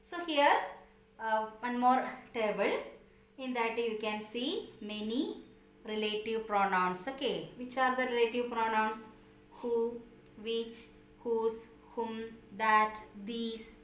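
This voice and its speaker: A woman's voice: on the high side, takes it slowly, fairly bright tone, reverberant, a little hiss or hum. A woman teaching English grammar, patiently repeating examples and asking her students questions, with non-native English phrasing. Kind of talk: online grammar lesson.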